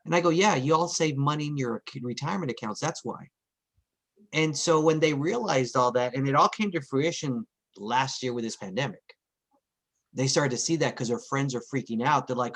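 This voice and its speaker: Animated Texan man on a video call. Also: medium pitch, fairly quick. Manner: animated, acts out family members' voices. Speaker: meeting participant. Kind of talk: casual storytelling on a group call.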